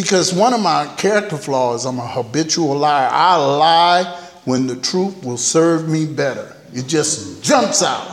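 Recovery-meeting speaker, male, candid and folksy, slightly high voice, echoey hall. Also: a little hiss or hum. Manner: candid, humorous, folksy storytelling. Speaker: recovery speaker sharing his story. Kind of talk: storytelling talk at a recovery meeting. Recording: echoey hall, heard from a distance.

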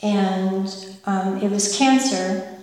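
A woman giving a candid, emotional personal testimony as a speaker at a recovery meeting, often pausing with fillers. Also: medium pitch, darkish tone. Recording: echoey hall from far off.

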